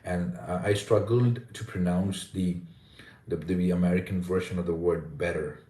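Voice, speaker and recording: A man with a deep, low voice and an Indian accent, answering viewers' questions on a live stream. He talks casually, with plenty of restarts and repeated words. The voice sits a little back from the mic in an echoey room. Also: steady tone, normal speed, dark tone, distant mic. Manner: reads out comments, hesitant restarts and repeated words. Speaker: livestream host teaching English pronunciation.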